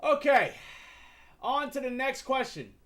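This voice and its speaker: Young man, livestream host, high voice, casual slangy rambling, lots of swearing. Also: big pitch swings, unhurried, fairly bright tone. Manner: profane, slangy, rambling with stumbles.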